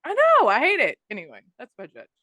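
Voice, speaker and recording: A woman's voice: sits high, wildly swooping pitch, quick pace, pushed and bright, no echo. A woman co-hosting a podcast in casual chat, venting in exasperation and swearing freely. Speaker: podcast co-host.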